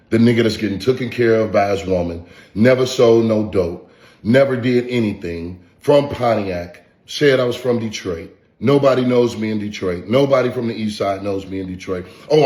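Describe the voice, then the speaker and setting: A man's voice: lowish voice, a little mellow. A man, an online content creator, delivering a profane, taunting vlog rant full of repeated insults. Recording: roomy echo.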